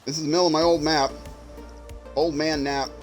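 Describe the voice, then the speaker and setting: Faint music plays behind a middle-aged Minnesotan game streamer as he rambles wearily through his live gameplay commentary. His fairly high voice stays level and runs fairly quick, and he's chatty and self-deprecating, stumbling over words as he goes.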